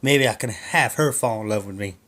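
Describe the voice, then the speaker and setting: A man's voice: on the low side, brisk, sharp tone. A man voicing a crude, dim-witted redneck husband who rambles and mutters, then blurts things out. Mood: dreamy.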